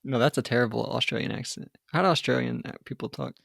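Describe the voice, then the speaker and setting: A man in an easygoing movie-review chat, with a mid-pitched voice and dry, teasing humor. He is recorded close and dry, with no room sound. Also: steady tone, fast talker, creaky, a bit bright, no echo. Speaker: podcast co-host.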